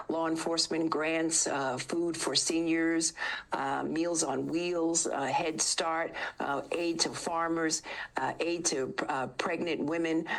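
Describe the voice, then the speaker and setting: A low-pitched, middle-aged woman speaks as an official guest on a news program. Her delivery is formal and deliberate, and she builds long lists of points broken up by ums and uhs. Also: rough recording. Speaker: state attorney general, interview guest. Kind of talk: televised news interview.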